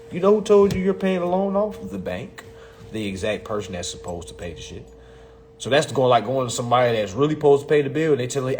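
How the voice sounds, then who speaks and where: A man, talking in a profane, excitable casual monologue, reading legal text aloud and mocking it. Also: fairly high pitch, fairly quick, slight background noise. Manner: profane, excitable, laughs often, reads text aloud and mocks it. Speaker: commentator on consumer law.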